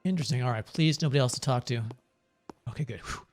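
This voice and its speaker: A man's voice: medium pitch, fast talker, faint music behind. A man hosting a let's play, casually commenting and reading game text aloud, swearing at times.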